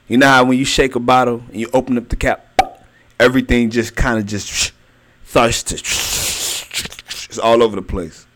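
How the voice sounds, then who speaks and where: A young adult man delivers a sermon in a somewhat low voice. He talks emphatically, repeating words and drawing out key phrases slowly for weight. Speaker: preacher.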